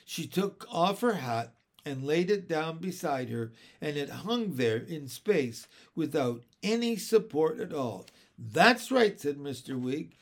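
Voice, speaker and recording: A man reading a children's story aloud as narrator, expressive and unhurried. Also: fairly high pitch. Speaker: audiobook reader.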